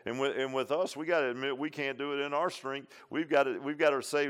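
A man's voice: medium pitch, fast, few pauses, fairly bright tone. A man preaching a sermon, repeating lines for emphasis and tossing in "huh?" and "amen.". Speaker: pastor.

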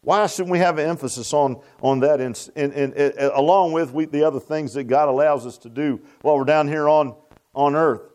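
A man's voice: on the high side, fairly quick, a little mellow. A man preaching a sermon in a folksy, repetitive way that rises to emphatic bursts. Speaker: pastor.

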